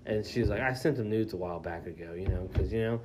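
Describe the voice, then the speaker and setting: Young guy on a podcast, low-ish voice, swears a lot, acts out every quote, faint hum behind. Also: quick pace. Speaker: podcast co-host. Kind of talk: casual chat, storytelling.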